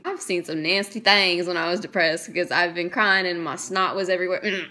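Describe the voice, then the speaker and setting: A woman's voice: fairly low pitch, steady tone, a little fast, few pauses, sharp tone. Teen girl vlogger, heartfelt and chatty, emotional testimony to camera. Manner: earnest and emotional, chatty with frequent "like". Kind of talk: personal faith testimony to camera.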